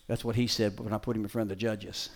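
A middle-aged man presents a live dog-training show. He shouts commands at the dog in bursts, jokes with the crowd, and drops into a soft, preachy tone. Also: lowish voice, flat delivery, fast talker, a little hiss or hum. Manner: jokey crowd banter.

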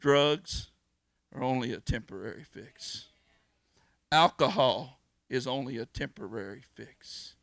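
A male pastor preaching a fervent sermon, swinging between shouted calls and hushed pleas, with folksy stories. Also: medium pitch, a little slow, creaky, no room sound. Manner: folksy storytelling with laughs.

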